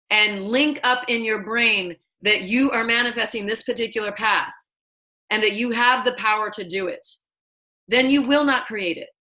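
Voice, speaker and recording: Bright-voiced emphatic woman teaching. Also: a little high, poor audio. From lives in Los Angeles. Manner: earnest, emphatic, personal storytelling. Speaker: online class teacher. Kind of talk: motivational lesson.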